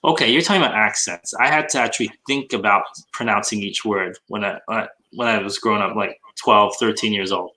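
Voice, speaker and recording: A man hosts a casual podcast chat with a bright, forward voice. He keeps asking curious questions and riffs along easily. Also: lowish voice, fairly quick, hardly any pauses, poor audio. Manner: curious, chatty, asks questions. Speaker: podcast host.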